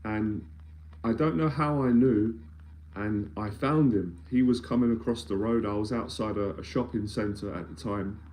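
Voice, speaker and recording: A man's voice: fairly low pitch, normal speed, a little mellow. A man, an anxiety mentor speaking earnestly and emphatically in a live-streamed talk, often repeating phrases as he builds a point. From London, England.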